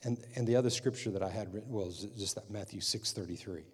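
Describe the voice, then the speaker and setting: A male pastor preaching a sermon, repeating his points with emphasis and building to loud, forceful stretches. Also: lowish voice, fast, slightly rough. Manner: preaching with emphatic repetition, rising loud at climaxes. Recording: long hall reverb.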